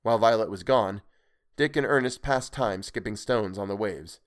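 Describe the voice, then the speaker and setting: A man's voice: lowish voice, moderate pace. A man narrating a story for his podcast, breaking off into chatty, self-deprecating asides about his own mistakes. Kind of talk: casual audiobook narration with asides.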